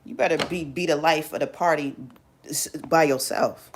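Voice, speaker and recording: Sassy woman host, slightly low voice. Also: moderate pace. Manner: sassy, teasing and slangy, talks straight to viewers. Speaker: live-stream host. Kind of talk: casual live-stream monologue.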